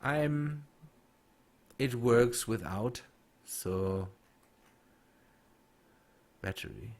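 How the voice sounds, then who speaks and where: A man streaming a game and chatting with viewers, halting and restarting as he reads chat. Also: medium pitch, expressive, a little mellow. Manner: halting, many restarts and fillers while reading chat. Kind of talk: casual gameplay stream chat.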